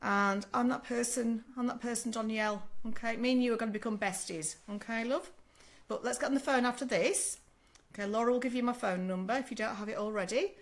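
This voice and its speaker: Still slightly hoarse as she recovers from a sore throat, an older Australian sleep consultant fields live-stream questions in a casual Q&A. She's warm, motherly and chatty, calling people "love" and checking in with "okay?". Her voice is a little high and brisk.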